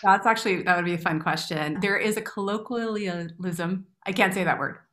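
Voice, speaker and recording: A woman's voice: on the low side, quick pace, a bit bright. A woman hosting a podcast interview, asking questions in a casual, encouraging way. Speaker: podcast host.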